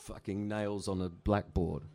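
A man's voice: on the low side, fairly even intonation, a little slow, a little mellow. A middle-aged musician telling rambling, profane stories in a casual interview, laughing at his own anecdotes. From Australia. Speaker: musician guest.

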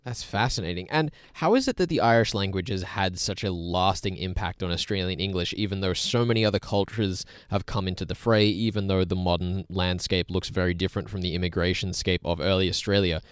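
Low-voiced male radio host. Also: fairly quick, hardly any pauses, smooth, no echo, studio quality. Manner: curious, asks long questions. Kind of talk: radio interview.

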